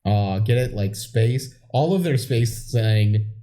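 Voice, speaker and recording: A man's voice: lowish voice, lively intonation, slow, dark tone. Guy cohost chatting about a movie, jokey, argues his points. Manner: reasoning, joking, pushes back on points. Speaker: podcast co-host. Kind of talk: casual chat recapping a movie.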